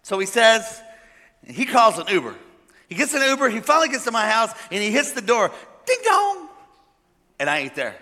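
Animated pastor in a reverberant hall. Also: male voice, high voice, brisk. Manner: animated storytelling, acting out characters. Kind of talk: sermon.

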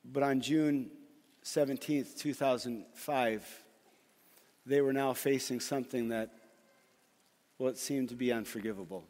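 A man preaching a sermon as a pastor, speaking earnestly and pausing often, then pressing his points with more force. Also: medium pitch, darkish tone, long reverb tail.

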